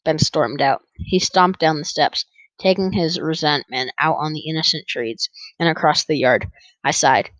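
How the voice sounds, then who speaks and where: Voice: mid-range voice, moderate pace, a bit bright, no room sound, rough recording. Easygoing first-person audiobook narrator. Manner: easygoing, with small stumbles and rereads.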